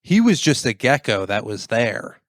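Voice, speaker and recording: A man's voice: mid-range voice, very animated, normal speed, a bit bright, no echo, clean studio sound. A man co-hosting a comedy podcast, rambling through mock conspiracy theories in casual banter. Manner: rambling, laughs along, builds conspiracy jokes. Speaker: podcast co-host.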